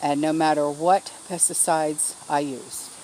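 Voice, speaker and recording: A woman's voice: low-pitched, little pitch movement, a little slow, dark tone, slight background noise, low-quality recording. A middle-aged woman talking casually in a rambling, heartfelt way, with lots of fillers, in a backyard garden video. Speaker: garden vlogger. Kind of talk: casual vlog talk.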